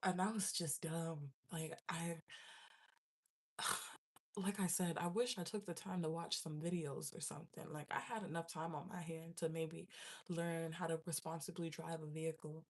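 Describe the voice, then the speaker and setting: A woman's voice: deep voice, moderate pace. A young woman casually telling a story to her viewers, laughing often and acting out her own panic. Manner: animated, laughs often, acts out her panicked past self. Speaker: vlogger.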